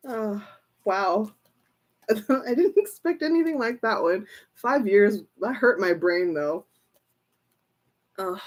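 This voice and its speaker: A young woman reading tarot on a casual livestream, excitable and laughing often between phrases. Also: mid-range voice. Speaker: tarot reader.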